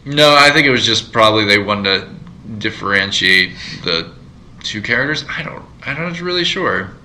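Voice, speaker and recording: A man with a fairly low but very bright, cutting voice chats casually on a podcast. He rambles through his thoughts, stalling on fillers and restarting his sentences. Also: expressive, moderate pace, a little hiss or hum, low-quality recording. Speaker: podcast co-host. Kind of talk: casual chat.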